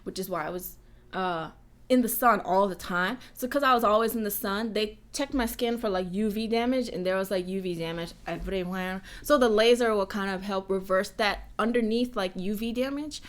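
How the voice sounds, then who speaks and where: A woman's voice: mid-range voice, normal speed. A young woman from the United States chatting casually on a live stream from home, rambling and reading out donor messages.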